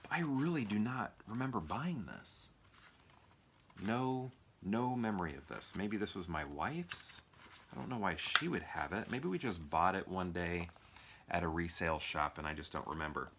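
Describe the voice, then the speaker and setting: A man's voice: low voice, expressive, normal speed, pushed and bright, a little hiss or hum. A young man chatting casually and off the cuff about films from his collection, rambling with lots of fillers and restarts. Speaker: movie reviewer. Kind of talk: impromptu casual movie chat.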